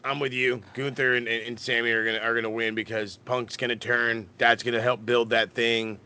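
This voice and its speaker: Man, wrestling podcast co-host, bright voice, swears a lot, stammers and restarts. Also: mid-range voice, little pitch movement, brisk, smooth. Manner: rambling, profane, stammering restarts. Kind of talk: casual wrestling chat.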